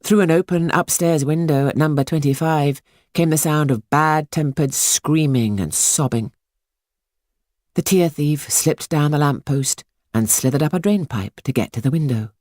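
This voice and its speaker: A woman reading a children's story aloud in a hushed, suspenseful manner. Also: deep voice, moderate pace, no echo. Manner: hushed and suspenseful, lingering on words. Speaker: audiobook narrator. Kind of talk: scripted storybook narration.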